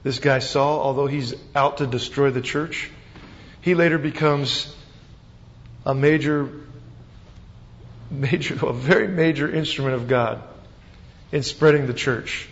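A man preaching a sermon as pastor, retelling the scene with animated, dramatic storytelling. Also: medium pitch, measured pace, long pauses. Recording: dull sound with long reverb.

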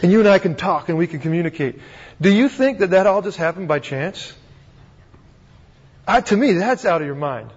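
Male pastor, higher-than-average voice, chatty sermon full of restarts and questions, dull lo-fi sound. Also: expressive, normal speed, long pauses, slightly rough. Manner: conversational, asks rhetorical questions, frequent restarts. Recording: dull recording in a reverberant hall.

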